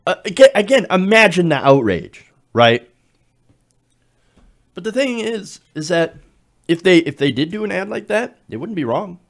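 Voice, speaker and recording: A man delivering a political commentary monologue. His fairly high voice swings widely in pitch as he stresses points and repeats numbers for emphasis. He talks in an emphatic, argumentative way with occasional restarts. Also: sing-song, moderate pace, pauses often. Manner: emphatic, repeats key words, some restarts.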